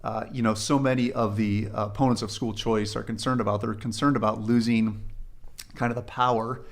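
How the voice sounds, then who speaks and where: A man on a podcast calmly walking through school funding figures in an explanatory way. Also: on the low side, brisk. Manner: steady explanatory, walks through numbers. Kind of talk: podcast discussion.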